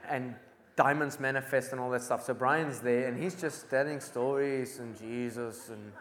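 A man from Africa, telling an animated testimony as a preacher and acting out the dialogue. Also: medium pitch, normal speed, reverberant. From South Africa. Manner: excitable storyteller who acts out dialogue.

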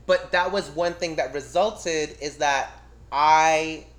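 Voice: mid-range voice, takes it slowly. A podcast co-host in a casual chat, telling stories in a chatty way and mimicking other people. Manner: chatty storyteller, laughs easily, mimics people.

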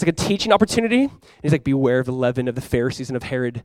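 Animated, fast-talking male pastor. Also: a little high, dry recording. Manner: animated, acts out quoted voices, repeats himself. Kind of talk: sermon.

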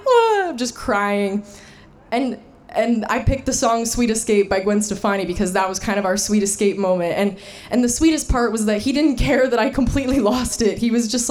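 A young woman tells a personal story to an audience with animated energy, her voice sitting a little higher than most. She laughs and restarts her sentences as she goes. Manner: animated, laughing, shouting the quoted lines.

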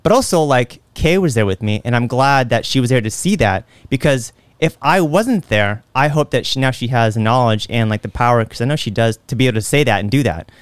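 A man's voice: mid-range voice, fairly quick, hardly any pauses, clean tone, dry recording. A man hosting a podcast, telling stories in casual chat with plenty of fillers. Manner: animated storyteller who acts out quotes; lots of fillers. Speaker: podcast host.

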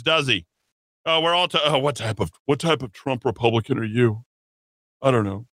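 A male radio talk show host with a medium-pitched, pushed, bright voice reads an article aloud at normal speed on a recording with no room sound. He mocks the writer sarcastically in a put-on snooty voice, stumbles through asides and restarts, and laughs at his own jokes.

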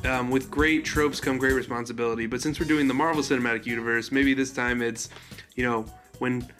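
A man's voice: medium pitch, steady tone, a little fast, a bit bright, soft background music. A young man hosting a podcast, rambling casually about movies with lots of fillers and laughter. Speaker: podcast co-host.

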